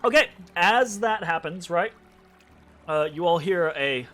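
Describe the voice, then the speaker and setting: A man's voice: high-pitched, unhurried, a bit bright, soft background music. A man narrating a tabletop game as game master, hesitant and full of ums and restarts.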